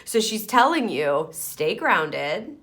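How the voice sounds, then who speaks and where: A woman's voice: medium pitch, sing-song, slow, a bit bright. A woman giving an encouraging pick-a-card tarot reading, chatting loosely and thinking aloud with fillers.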